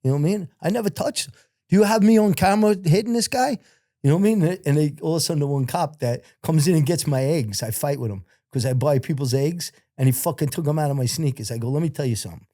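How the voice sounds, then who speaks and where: A man's voice: on the high side, fast, few pauses, no room sound, studio quality. Profane, rambling middle-aged man. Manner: profane, acts out other people's shouted lines; rambling, repeats filler phrases. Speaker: podcast guest. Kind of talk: casual storytelling.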